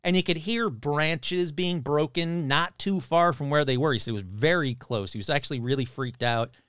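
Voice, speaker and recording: A man's voice: on the high side, normal speed, clean tone, dry recording, clean studio sound. A man casually retelling a story he heard, acting out the voices of the people in it with loose, swearing talk. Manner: animated retelling, acts out quoted voices.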